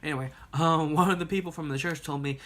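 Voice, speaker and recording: A man's voice: a little high, fast talker. Rambling young man telling a story. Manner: rambling and animated, laughing and cursing at his own story. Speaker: vlogger. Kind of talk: casual storytime vlog.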